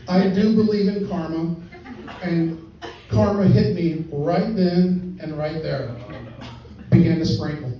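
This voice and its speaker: An older man, a grandfather doing storytelling stand-up, tells a folksy comic tale on stage before a live audience, chuckling as he goes. His voice is high, fairly even, and a little slow, and the recording is distant, roomy and dull with a noisy background.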